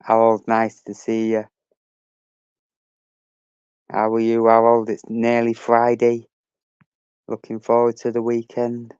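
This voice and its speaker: A man's voice: mid-range voice, completely flat delivery, slow, pauses often, darkish tone, clear, resonant tone, no echo, lo-fi sound. A man hosting a casual live stream, chatting with viewers and greeting them by name.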